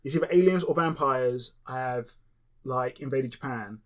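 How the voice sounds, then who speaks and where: A man chatting about games on a podcast, animated and wry, tossing in swear words and jokes. His voice sits at a middling pitch. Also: a little slow. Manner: animated, swearing, joking asides. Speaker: podcast co-host. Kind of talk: casual gaming chat.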